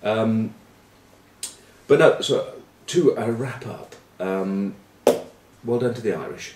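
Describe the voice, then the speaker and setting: Deep-voiced man rambling through rugby stories. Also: slow pace, darkish tone. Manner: rambling storyteller, full of ums and uhs, dry banter. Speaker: rugby pundit, former player. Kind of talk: casual rambling rugby chat with anecdotes. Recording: roomy, from a distant mic.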